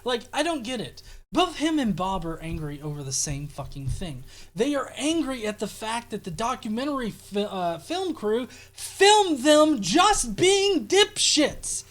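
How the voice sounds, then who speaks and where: A woman's voice: on the high side, sing-song, measured pace. A woman hosting a show, reading viewer comments and giving crude, sarcastic commentary with laughing asides. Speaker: show host. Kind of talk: casual mocking commentary.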